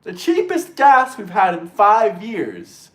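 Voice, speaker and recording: A man hosting a political livestream, ranting in a mocking, crude, sarcastic way and mimicking opponents in shrill voices. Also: huge pitch swings, slow pace, a bit bright, reverberant. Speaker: livestream host reading super chats.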